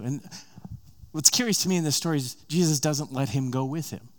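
A man's voice: fairly high pitch, brisk. A man preaching a sermon, retelling a story in a casual, conversational way and acting out the characters' lines.

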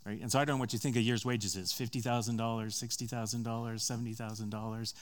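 A man preaching a sermon, retelling a story with conversational asides, rising louder and higher at tense moments and dropping soft and slow. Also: fairly even intonation.

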